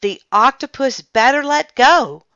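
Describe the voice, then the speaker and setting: A woman's voice: high voice, animated, unhurried, sharp tone, dry recording, pitched above the performer's own voice, heavily acted. A woman voicing a cautious, grumbling young boy in a storybook reading, with a tense, exasperated manner. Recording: dull lo-fi sound.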